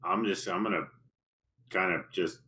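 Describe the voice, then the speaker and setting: A man playing a tabletop role-playing game, talking in a halting way with many fillers and restarts. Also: sits low, bright, forceful tone. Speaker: player.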